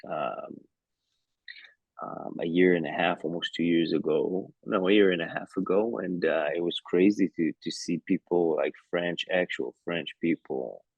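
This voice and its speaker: A man's voice: sits low, measured pace, gravelly, husky, dry recording, phone-quality sound. A man with an Israeli accent chatting playfully as an actor guest in a video-call interview, with many fillers and restarts.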